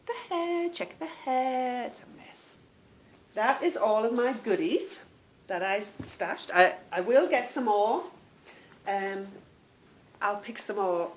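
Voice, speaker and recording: A woman from England with a British accent, hosting a podcast in a chatty, meandering way that often trails off. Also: mid-range voice. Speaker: podcast host. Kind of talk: casual chat.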